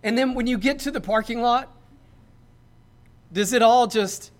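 A man's voice: extremely high pitch, unhurried. A man, a pastor, preaching a sermon in a conversational, joking way that builds to emphatic points.

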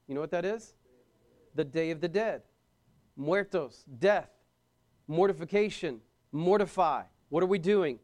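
A man's voice: on the high side, unhurried, pauses often, a little mellow. A young man preaching a sermon as a pastor, emphatic, repeating key phrases and questioning his listeners.

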